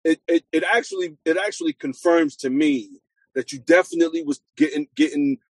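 A man co-hosting a podcast in casual, profane chat, animated and quick to jump into high mocking voices. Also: creaky, no room sound. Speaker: podcast co-host.

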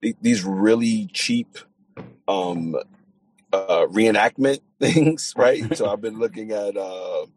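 A man in a casual chat, talking haltingly with many restarts. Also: on the low side, a little mellow, breathy edge, no echo.

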